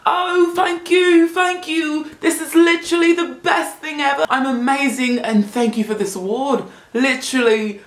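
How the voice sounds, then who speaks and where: American woman impersonating a British star accepting an award, high, breathy, sing-song, gushing, echoey room. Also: fairly even intonation, a little slow, hardly any pauses. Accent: put-on British.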